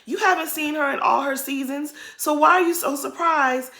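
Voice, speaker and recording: A woman's voice: sits high, normal speed, few pauses, bright, forceful tone, echoey room. A woman giving blunt, sassy commentary on a reality show in a casual recap.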